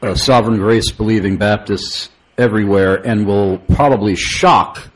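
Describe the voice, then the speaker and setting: Low-voiced radio host. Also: male voice, moderate pace, low-quality recording. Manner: hesitant with frequent uh fillers, chuckling asides. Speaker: radio talk show host. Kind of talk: call-in radio talk show.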